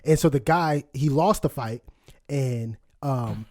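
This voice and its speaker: A man's voice: medium pitch, takes it slowly, darkish tone. A man in his thirties co-hosting a podcast, telling rambling stories with lots of swearing and laughter. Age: 30s. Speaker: podcast co-host. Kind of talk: casual chat.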